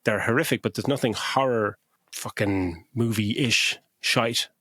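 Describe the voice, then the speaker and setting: A man's voice: mid-range voice, unhurried, fairly bright tone, no room sound. A middle-aged man co-hosting a podcast, giving rambling, casual opinions on a horror film with swearing for emphasis. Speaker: podcast co-host. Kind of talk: casual film review chat.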